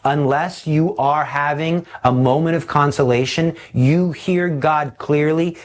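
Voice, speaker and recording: Preacher, fairly high-voiced man, lively storyteller giving a sermon. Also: measured pace. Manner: animated storytelling, acting out voices.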